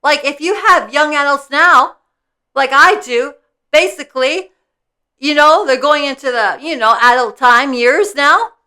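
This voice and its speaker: A woman's voice: sits high, unhurried, pushed and bright. A woman in her fifties talking earnestly in a casual spiritual vlog, repeating herself and checking in with "okay?" over and over. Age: 50s. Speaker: vlogger. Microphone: personal mic.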